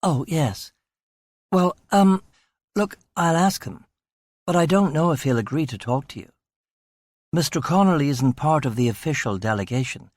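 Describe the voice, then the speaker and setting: A man's voice: a little high, lively intonation, moderate pace, long pauses, a little mellow, no echo. Man playing a nervous young receptionist woman, stammering, raised voice, dry close sound. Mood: flustered. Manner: stammering, hesitant.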